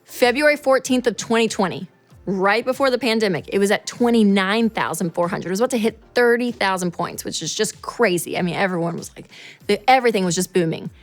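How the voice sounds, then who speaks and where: A woman in her thirties hosting a show, talking through money advice in a casual, animated way and acting out quotes. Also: brisk. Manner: animated, chatty, acts out quotes in a higher voice. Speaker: show host.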